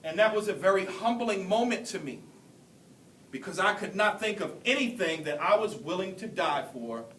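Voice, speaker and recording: A high-voiced man in his forties from Brooklyn delivers a keynote address, telling his story earnestly with deliberate pauses. He stands well back from the mic in a large, echoing hall. A faint rumble hums underneath. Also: a bit bright, far from the mic. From Brooklyn, New York. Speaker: keynote speaker. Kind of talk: motivational speech.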